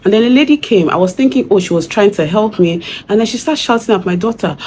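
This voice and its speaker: A woman's voice: mid-range voice, lively intonation, quick pace, few pauses, darkish tone, slight background noise. A young Nigerian woman with a Nigerian accent, telling a story in a chatty vlog and acting out the voices she quotes. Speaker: vlogger.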